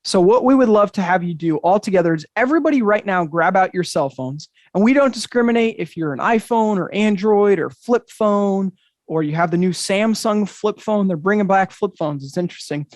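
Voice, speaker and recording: A man's voice: high voice, a little fast, a little mellow, dry recording, clean studio sound. A man hosting an interactive magic show over a video call, talking to the audience with upbeat, enthusiastic patter. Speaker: magician and host.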